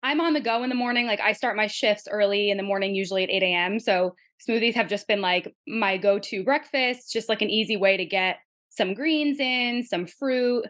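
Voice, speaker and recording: A woman's voice: mid-range voice, normal speed, fairly bright tone. Friendly New Jersey woman guest. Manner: friendly, casual, frequent "like". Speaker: nurse practitioner guest. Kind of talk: podcast interview.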